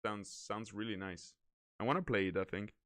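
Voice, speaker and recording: Smooth-voiced man chatting on stream. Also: on the low side, normal speed. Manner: relaxed, rambling, self-correcting. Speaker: game streamer. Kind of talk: casual stream chat.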